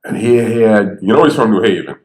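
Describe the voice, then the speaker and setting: A man who stutters, telling stories on stage in a lively, conversational way and acting out the people he quotes. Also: on the low side, fast talker. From Bridgeport, Connecticut. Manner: animated, conversational, acts out quotes. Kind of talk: storytelling talk. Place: theater stage. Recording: echoey theater.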